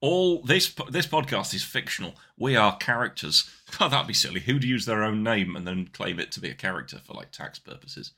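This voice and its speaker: Teasing man, lively and bright. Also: lowish voice, a little fast, creaky, few pauses. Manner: dry, teasing, exaggerating. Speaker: podcast co-host. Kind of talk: casual banter.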